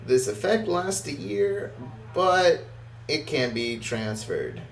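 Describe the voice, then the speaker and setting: A man's voice: fairly high pitch, very animated, slow, gravelly. A man running a tabletop game as game master, laid-back and laughing often. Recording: roomy audio from off-mic.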